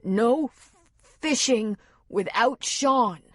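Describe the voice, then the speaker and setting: Fields: Figure: a woman doing a big raspy, frightened man. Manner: breathless, childlike. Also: very high-pitched, lively intonation, slow, dry recording, studio quality, pitched above the performer's own voice, exaggerated voice. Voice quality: raspy, wheezing.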